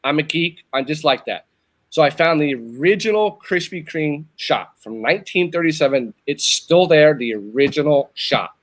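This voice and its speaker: A man's voice: fairly high pitch, animated, moderate pace. A man in his fifties from Northern Virginia, telling a long personal story in casual chat, rambling and restarting his sentences. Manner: rambling, repeats himself, restarts. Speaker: show host.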